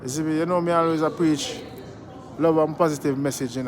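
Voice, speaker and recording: A man's voice: fairly high pitch, fairly even intonation, fairly quick, a little hiss or hum. Laid-back Jamaican man vlogging. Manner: laid-back, preachy, repeats "you see me" tags. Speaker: vlogger host. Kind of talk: casual vlog talk.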